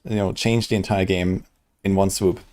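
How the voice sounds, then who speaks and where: A man's voice: deep voice, fairly even intonation, moderate pace, darkish tone. A man in casual live-stream chat who speaks bluntly and emphatically and swears freely.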